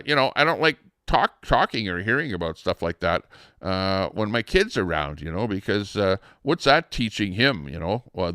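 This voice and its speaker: A man's voice: deep voice, a bit bright, clean tone, no echo, clean studio sound. A middle-aged man ranting casually as a livestream host, rambling with many fillers and restarts in an indignant tone.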